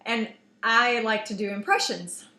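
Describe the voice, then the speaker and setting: A woman in her thirties chats as a co-host, telling a lively story full of fillers and restarts. Her voice is bright and carries a roomy echo. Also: a little high, a little slow. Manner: animated storyteller, chatty with many fillers and restarts. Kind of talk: casual chat. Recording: echoey room.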